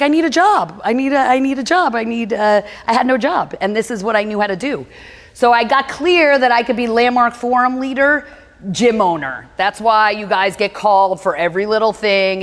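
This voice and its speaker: A woman's voice: medium pitch, fairly bright tone. A middle-aged woman who runs a gym speaks in a blunt, no-nonsense style as she tells her own story to listeners. Her voice sits in an ordinary middle register for a woman. The recording carries a long, lingering reverb from a large hall. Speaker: gym owner and motivational speaker. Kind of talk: personal storytelling talk.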